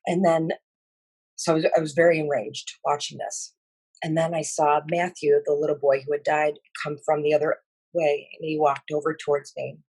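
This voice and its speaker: A woman slowly and earnestly recounting a spiritual vision in halting speech with many fillers. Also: low voice, little pitch movement, a little mellow, husky, no room sound. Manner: emotional and earnest. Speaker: speaker sharing a spiritual vision. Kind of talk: personal account of a vision.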